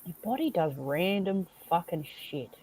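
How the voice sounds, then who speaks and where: Australian woman, low-pitched voice, slow unhurried speech, blunt casual panel chat. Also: lively intonation, darkish tone, breathy edge, low-quality recording.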